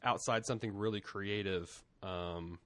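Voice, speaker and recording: A man's voice: deep voice, fairly even intonation, a little slow, a bit bright, no echo. A man co-hosting a casual podcast, trading playful, teasing banter. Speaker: podcast co-host.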